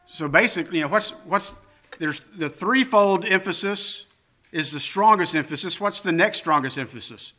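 Preaching as pastor, this man speaks on the high side with a pushed, bright quality. He chats with the congregation, pokes fun at himself, and drives points home through emphatic repetition that lifts on the important phrases.

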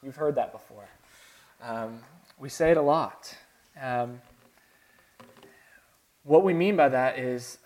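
Southern pastor type, mid-pitched man, earnest sermon delivery with soft lows and emphatic builds. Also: slow, long pauses. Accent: Southern American. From American South. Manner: earnest, dramatic swings between soft and emphatic.

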